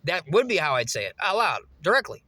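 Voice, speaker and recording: A man's voice: high voice, big pitch swings, fast, sharp tone, no room sound. A young man vlogging, telling a rambling, profane story straight to his viewers. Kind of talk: casual monologue to camera.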